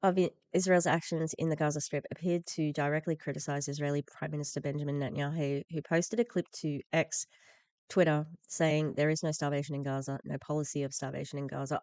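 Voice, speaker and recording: A woman's voice: low voice, fairly even intonation, brisk, a little mellow, smooth, no room sound. A woman hosting a political commentary podcast, reading the news aloud and reacting in a heated, blunt, profane way with sarcastic asides.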